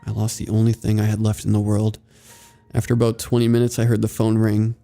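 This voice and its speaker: A man with a low, gravelly voice narrates a horror story in a steady, somber way. His tone is dark and mellow, and faint music plays under the reading. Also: brisk.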